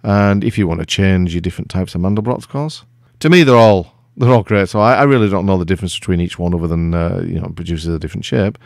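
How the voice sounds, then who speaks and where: Low, gravelly middle-aged man hosting a relaxed software walkthrough, self-deprecating and rambling. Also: quick pace, no room sound, clean studio sound. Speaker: tech video host. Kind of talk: casual screen-recorded software walkthrough.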